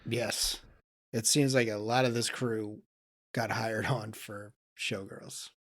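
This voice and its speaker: A man co-hosting a podcast in casual, comedic chat, throwing in wry, deadpan one-liners. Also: on the low side, takes it slowly, dry recording, clean studio sound.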